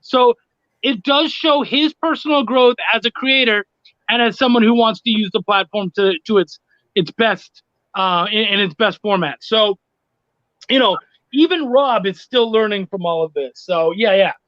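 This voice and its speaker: A man's voice: high voice, moderate pace, a bit bright, no echo. A man co-hosting a casual chat, affirming the host and summing up points, on a remote line. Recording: dull lo-fi dry remote line.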